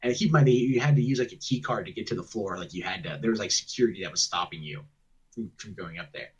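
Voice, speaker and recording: A man's voice: on the low side, fast talker, slightly rough. A man telling a long story on a call in a rambling, profane way, often mimicking what others said. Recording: muffled distant secretly recorded call.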